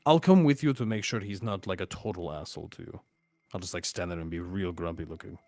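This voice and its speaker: A man's voice: low voice, fast, a little mellow, dry recording. A man chatting casually as a player in a tabletop game, loose and rambling with many fillers.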